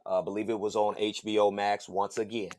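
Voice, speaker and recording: A man hosting a podcast, telling a personal story in a casual, slangy, animated way and laughing along the way. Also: lowish voice, fairly quick. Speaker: podcast host.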